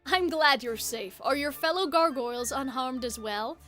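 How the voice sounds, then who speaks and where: A woman's voice: sits high, fairly bright tone, soft background music, voice pushed down. A woman doing a stately fae prince. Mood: calm regal. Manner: formal, measured speech.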